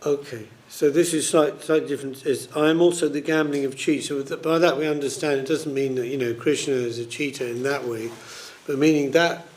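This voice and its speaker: A man's voice: medium pitch, steady tone, fairly quick, few pauses, a little hiss or hum. A man leading a scripture study group, explaining verses casually with many fillers. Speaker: class leader.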